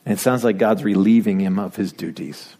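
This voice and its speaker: A male pastor preaching a sermon in a playful, animated way, dropping to whispered asides as he acts out the story. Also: fairly low pitch, brisk.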